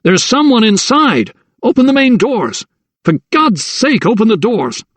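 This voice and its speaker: A man doing a frantic doctor shouting at a fire. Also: sits high, big pitch swings, measured pace, dry recording, pitched above the performer's own voice, full character voice. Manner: shouting urgently.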